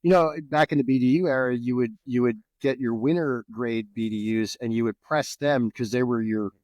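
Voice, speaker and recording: A man's voice: mid-range voice, normal speed, dry recording. Man from New Jersey telling stories casually. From New Jersey, USA. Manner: swears freely, animated storytelling. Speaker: podcast guest, former soldier. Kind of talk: casual storytelling.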